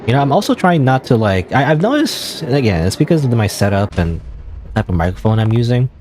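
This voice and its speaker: A man's voice: medium pitch, big pitch swings, fast, a little mellow, a little hiss or hum. A male streamer rambling through casual gameplay commentary, full of fillers and a bit out of breath.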